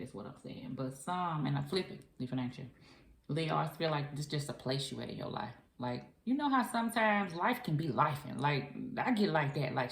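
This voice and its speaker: A woman's voice: sits low, creaky, echoey room. A woman giving a chatty, emphatic tarot reading to her viewers, speaking casually with frequent profanity. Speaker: tarot reader.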